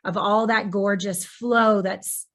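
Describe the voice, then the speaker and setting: A woman's voice: medium pitch, steady tone, slow pace. A woman hosting a podcast in casual conversation, talking reflectively and humming "mm" in agreement. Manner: reflective, lots of soft "mm" agreement. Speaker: podcast host.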